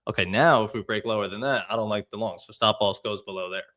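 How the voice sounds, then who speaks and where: A man's voice: on the low side, fast, fairly bright tone. A man hosting a live trading stream in casual chat, explaining chart setups step by step.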